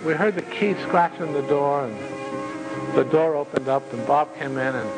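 A man recounting a story in the first person, lingering on dramatic pauses and turning to his listeners with asides. His voice sits a bit high for a man, and soft music plays faintly in the background. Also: low-quality recording.

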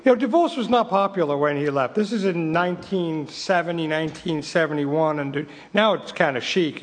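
Man, 50s, high-pitched voice, recovery meeting speaker, emphatic, repetitive, wry. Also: long reverb tail. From England. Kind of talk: personal recovery talk with book reading.

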